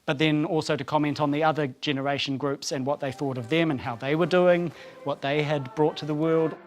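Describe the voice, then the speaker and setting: A man, a theatre maker calmly explaining a project in an interview. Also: fairly high pitch, fairly quick. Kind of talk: interview talk.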